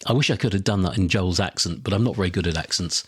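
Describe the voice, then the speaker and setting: A man's voice: low voice, fast, a bit bright, husky, dry recording, clean studio sound. A man hosting a podcast, talking through listener questions in an opinionated, conversational way. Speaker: podcast host. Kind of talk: solo podcast talk.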